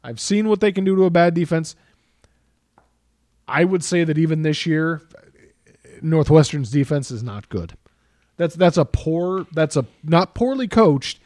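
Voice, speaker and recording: A man's voice: fairly high pitch, lively intonation, unhurried, long pauses, a little mellow, no room sound, clean studio sound. A man co-hosting a casual sports chat, blunt and opinionated, often repeating himself as he makes his picks. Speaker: podcast co-host.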